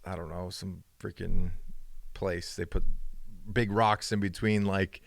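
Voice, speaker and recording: A man co-hosts a podcast in casual chat, animatedly telling stories and acting out quoted dialogue with a rising pitch. His voice is a little slow and creaky. The studio-quality recording has no room sound.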